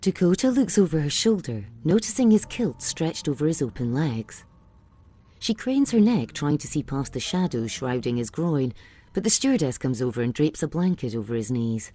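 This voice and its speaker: A woman narrating audio description of a film in a steady, clear manner. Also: deep voice, normal speed. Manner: steady, clear, scene-setting.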